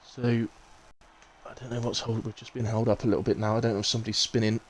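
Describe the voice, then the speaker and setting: A man's voice: on the low side, flat delivery, quick pace, a little hiss or hum, low-quality recording. A man with a Bristolian accent giving live, casual commentary on a racing league, chatty and rambling as he fills the gaps with asides. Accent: Bristolian English. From Bristol, England.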